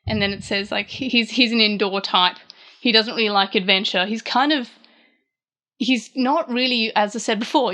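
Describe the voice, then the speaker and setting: Recapping a manga chapter, this Australian podcast host tells the scenes in a casual, chatty style and lifts her voice for quoted lines. Her voice sits in the mid range and sounds bright and forceful. She frequently restarts and uses fillers.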